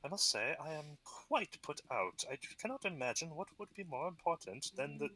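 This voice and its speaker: A man's voice: a little high, sing-song, fairly quick, pushed and bright, pitched above the performer's own voice, heavily acted, rough recording. A man voicing a pompous, eloquent male goblin chief who speaks in grand formal phrases. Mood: haughty.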